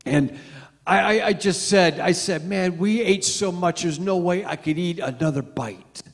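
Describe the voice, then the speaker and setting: A middle-aged man preaching a sermon as a pastor, telling stories with animated swings from loud to hushed. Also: high-pitched, measured pace, long reverb tail. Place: church sanctuary.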